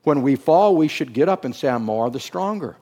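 A middle-aged man preaching a sermon, dropping to hushed, drawn-out phrases and then climbing into loud, emphatic bursts. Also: mid-range voice, expressive. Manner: slow, drawn-out words for emphasis.

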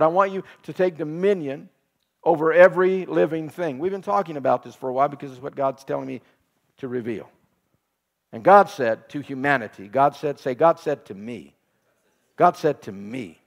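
A male pastor preaches a sermon with a slightly raised pitch. He repeats his phrases and asks the congregation questions. His voice rings out with a long reverb, as in a church hall. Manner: laughs while telling a home story.

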